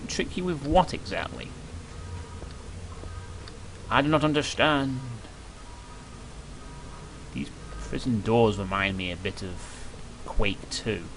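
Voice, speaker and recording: A man's voice: lowish voice, animated, slow pace, pauses often, fairly bright tone. A man with a Northern English accent joining a game stream by voice call, dry and sweary. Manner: dry, sweary gamer banter. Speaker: guest co-commentator. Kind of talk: casual gameplay commentary. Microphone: voice call over the internet. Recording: noisy internet call audio.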